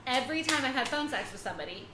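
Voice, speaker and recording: A woman guest on a casual podcast, telling a story with animated delivery and frequent laughter. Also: sits high, very fast, noisy background. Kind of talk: casual chat. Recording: roomy echo.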